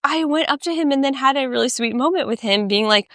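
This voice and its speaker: Speaking quickly in a high voice, a woman co-hosts a podcast, chatting casually and wandering through a filler-heavy story while on a walk by a lake. The recording is dry and studio quality.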